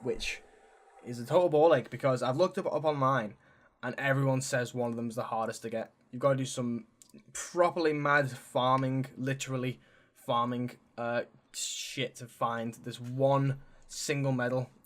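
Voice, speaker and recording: A young man talks through video games in a loose, rambling podcast chat. His pitch sits in an ordinary middle range. He restarts sentences often and drops the odd swear word. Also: fairly even intonation, moderate pace, fairly bright tone. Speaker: podcast co-host.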